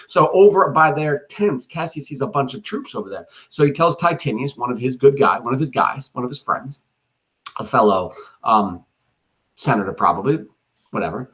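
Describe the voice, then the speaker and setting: A man's voice: mid-range voice, lively intonation, normal speed, fairly bright tone, low-quality recording. A man teaching a recorded lesson, retelling a play in casual, slangy everyday words with fillers. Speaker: English teacher.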